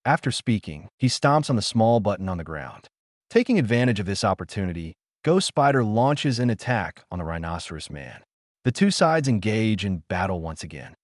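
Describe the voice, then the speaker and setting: A man narrates an audiobook of a fan novel in a dramatic style, punching out sound effects as he goes. His fairly low voice is sing-song at a normal speed, recorded cleanly in a studio with no echo.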